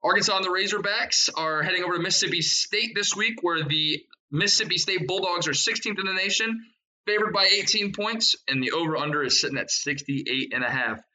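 Young guy hosting a betting podcast, real bright punchy voice, hyped and fast. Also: high voice, rough recording. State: out of breath. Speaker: sports betting podcast host. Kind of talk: energetic podcast chat.

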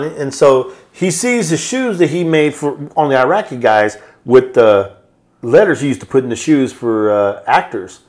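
A man on a podcast casually retelling a film's plot in a loose, rambling way, slipping into quick voiced quotes. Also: mid-range voice, animated, darkish tone. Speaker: podcast host. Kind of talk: casual movie recap.

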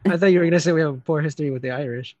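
A woman co-hosting a casual podcast, jumping in with quick reactions and questions. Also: low voice, a little mellow, dry recording, highs cut off. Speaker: podcast co-host. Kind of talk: casual chat.

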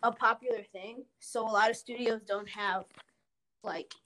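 Young woman, slightly high voice, casual storyteller who swears freely and leans on fillers. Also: fairly even intonation, moderate pace, pushed and bright, slight background noise. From Minnesota. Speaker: guest telling a story. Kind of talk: casual chat.

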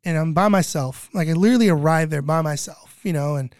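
A man's voice: on the high side, quick pace, no room sound, clean studio sound. A middle-aged man telling stories casually as a guest, rambling with lots of filler words and restarts, sometimes swearing. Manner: animated, swearing. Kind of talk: casual storytelling.

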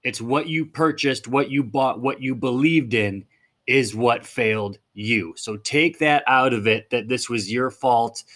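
A man's voice: mid-range voice, measured pace, fairly bright tone. A man hosting a fitness podcast in a blunt, fired-up monologue, swearing casually as he talks.

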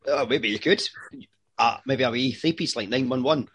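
A Scottish man hosts a casual podcast and ribs his guest with teasing banter. He sits at a middle pitch and keeps the chat loose and chummy. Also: normal speed, fairly bright tone, a little hiss or hum.

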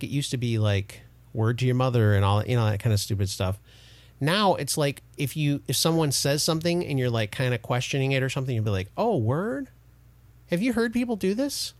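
A man hosting a casual podcast chat, telling stories in a lively, animated way. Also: mid-range voice, fairly quick, dry recording. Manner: animated storyteller. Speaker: podcast host. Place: Detroit area.

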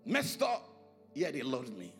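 A male pastor preaching a sermon, his delivery swinging from soaring, sing-song emphasis to low, hushed lines. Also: wildly swooping pitch, unhurried, vocal fry, soft background music.

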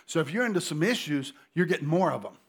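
Male pastor, middle-aged, high voice, gravelly, joking sermon with hushed asides and shouted lines. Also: quick pace. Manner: animated, joking, repeats phrases, swings between hushed and shouted. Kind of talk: energetic sermon. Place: church.

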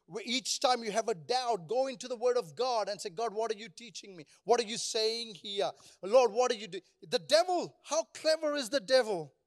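A man with a very high-pitched voice preaches a sermon as pastor. He drives his points with rhetorical questions and prompts the congregation to answer back.

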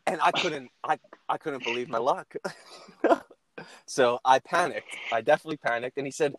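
A man's voice: medium pitch, moderate pace, a bit bright. A man casually telling a funny story from his teens, often breaking into laughter.

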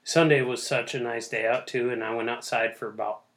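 A man's voice: mid-range voice, fairly even intonation, a little fast, a bit bright. A man co-hosting a casual podcast, talking loosely and crudely, swearing often and joking around. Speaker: podcast co-host. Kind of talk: casual chat.

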